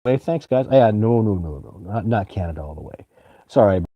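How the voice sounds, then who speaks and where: A man's voice: fairly low pitch, animated, fairly quick, no echo, highs cut off. A man hosting a live stream and answering viewer comments in a rambling, enthusiastic way, swearing casually and laughing often.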